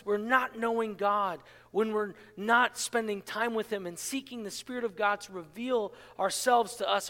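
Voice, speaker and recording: A man's voice: very high-pitched, a bit bright, long reverb tail. A man preaching a sermon as pastor, impassioned, with rhetorical questions and self-mocking humor. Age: adult, married.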